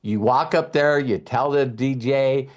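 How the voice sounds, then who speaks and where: A man giving a casual motivational talk as a mentor, acting out quotes in lively storytelling with some swearing. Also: medium pitch, a little slow. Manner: animated storyteller, acts out voices. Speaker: mentor and coach.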